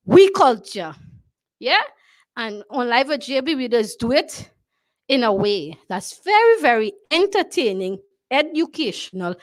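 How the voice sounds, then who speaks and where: A Trinidadian woman hosting a talk show, speaking emphatically, repeating her phrases and often asking "you understand?". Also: high voice. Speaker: show host.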